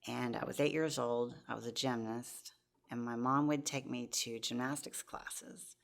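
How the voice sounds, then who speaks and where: Gravelly woman telling her story. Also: rumbling low, fairly even intonation, measured pace. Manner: earnest, heartfelt storytelling, many restarts. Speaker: podcast guest. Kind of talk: personal testimony in an interview.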